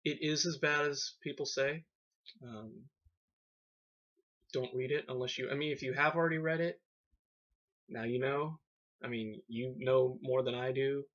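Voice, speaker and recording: A man rambles through a casual vlog book review, full of ums and sarcastic asides. His voice sits at an average pitch. The audio is muffled and lo-fi, like a cheap webcam mic. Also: steady tone, a little slow, long pauses, a bit bright.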